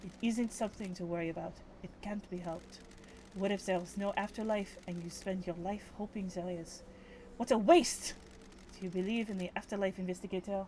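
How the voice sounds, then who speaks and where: A calm, philosophical ghost speaks in a mock French accent, as a woman puts her on. She muses aloud and poses teasing questions about what comes after death. Her speech is unhurried and reflective. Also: medium pitch, a little hiss or hum, close to an everyday voice. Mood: musing. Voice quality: put-on French accent, admittedly poor. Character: dead woman awaiting justice, calm and philosophical.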